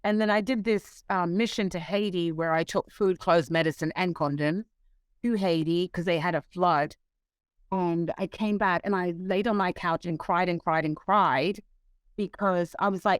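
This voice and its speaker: A woman interview guest telling stories in a lively way, acting out quoted voices. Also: mid-range voice, normal speed, clean tone, no echo. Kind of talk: storytelling in conversation.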